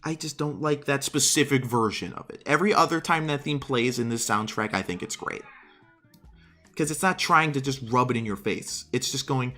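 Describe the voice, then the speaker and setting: A man in his twenties streaming, giving casual commentary in an animated, exasperated rant with some swearing. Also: mid-range voice, normal speed, faint music behind. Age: 20s.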